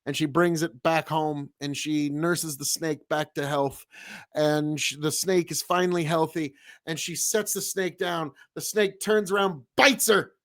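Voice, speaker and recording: Rambling, emphatic male streamer, fairly high voice. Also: fairly even intonation, unhurried, a bit bright. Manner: rambling, emphatic, repeats points for effect. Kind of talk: live stream commentary reacting to chat.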